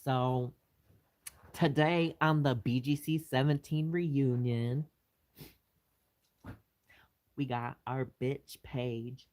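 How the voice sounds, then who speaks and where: A man voicing a sassy young Southern woman who hosts a reality show, with a put-on Southern accent and a brash, drawn-out delivery. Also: mid-range voice, fairly even intonation, a little mellow, natural voice.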